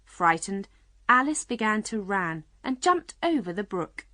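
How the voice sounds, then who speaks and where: A woman narrating a children's storybook audiobook in a clear, measured reading. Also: medium pitch, very animated, bright, forceful tone, no echo.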